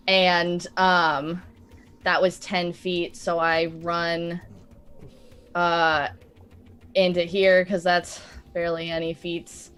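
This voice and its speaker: A woman playing a tabletop game, excitable and rambling, swearing and using lots of fillers. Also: on the low side, slow pace, clear, resonant tone, faint music behind. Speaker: player. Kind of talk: casual tabletop play.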